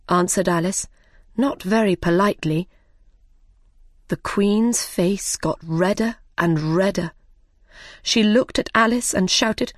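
A woman's voice: medium pitch, slow pace, long pauses, no room sound, studio quality. A woman reading a simplified storybook aloud as narrator.

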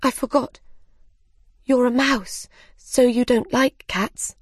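A woman's voice: slow, breathy edge, no room sound, studio quality. A woman voicing Alice, a curious and polite little girl, in a storybook reading. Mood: eager, apologetic. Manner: high, excitable and apologetic.

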